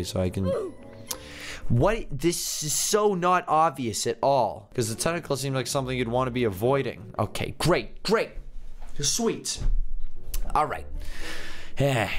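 A man giving casual, jokey commentary as he plays a video game, often thinking aloud and confused. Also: mid-range voice. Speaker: gaming YouTuber.

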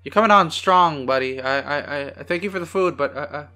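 Bright-voiced joking man riffing on a movie. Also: on the high side, fairly quick. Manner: joking, sarcastic, swears freely. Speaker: host. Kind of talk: casual movie watch-along commentary.

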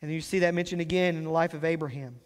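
A man preaching a sermon as pastor, explaining scripture and slowing down to stress key phrases. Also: on the high side, steady tone, smooth, big-room sound. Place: church sanctuary.

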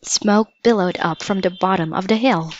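A woman narrating a children's storybook aloud in a slow, even reading manner. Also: mid-range voice, dry recording. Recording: dull lo-fi dry recording.

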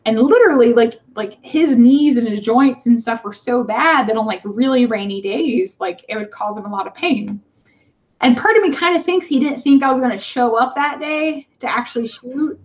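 Woman guest, fairly high voice, rambling anecdote, muffled lo-fi recording. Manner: halting, many fillers, acts out quoted voices. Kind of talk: casual storytelling. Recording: dull lo-fi sound.

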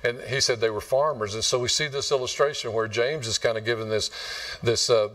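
A man's voice: medium pitch, a little fast, fairly bright tone, far from the mic. A man from West Texas, preaching a folksy, rambling sermon and quizzing his congregation. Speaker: pastor. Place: church sanctuary.

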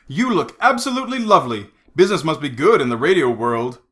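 A man reading aloud, voicing a suave secret agent who speaks in a crisp, assured way. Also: on the high side, very animated, fast talker, sharp tone. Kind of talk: audiobook character reading.

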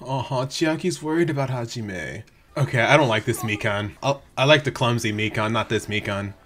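A man hosting an anime reaction video at home, talking casually and excitably, often restarting his sentences. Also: medium pitch, moderate pace. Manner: excitable, rambling, frequent restarts and exclamations. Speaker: reaction channel host. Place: home room.

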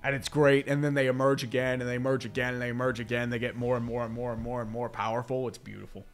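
This live stream host has a stuffy nose and a mid-range voice with little pitch movement, and he talks fast over soft background music. Rambling through casual commentary, he reads questions from chat and swears here and there.

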